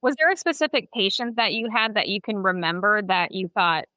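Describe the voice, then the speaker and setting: A woman hosting a podcast as a dental hygienist, with a bright, forward voice and a steady, explanatory way of talking. The recording is dry and close. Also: medium pitch, fairly quick, smooth, no echo. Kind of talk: casual interview conversation.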